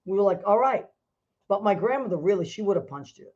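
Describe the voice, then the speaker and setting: A middle-aged woman hosting a casual chat show, animated and quick to laugh. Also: medium pitch, lo-fi sound. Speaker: host.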